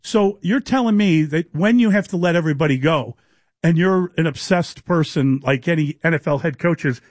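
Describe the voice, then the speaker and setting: A man's voice: on the high side, normal speed, no echo. A man co-hosting sports talk radio, blunt and skeptical, pushing back on his partner.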